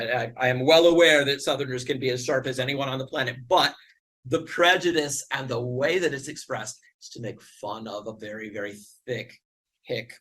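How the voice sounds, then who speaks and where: Husky-voiced man giving a lecture. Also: medium pitch, pushed and bright, poor audio. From northern United States. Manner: earnest, wry, builds arguments step by step. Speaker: guest lecturer. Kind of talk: lecture with slides.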